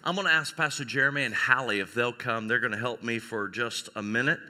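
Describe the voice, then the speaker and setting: A man pastor preaching a sermon, telling an animated story and acting out the people in it. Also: mid-range voice, a little fast. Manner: animated storytelling, voicing characters in a skit. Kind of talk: sermon with acted illustration. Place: church sanctuary. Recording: church sanctuary with long reverb.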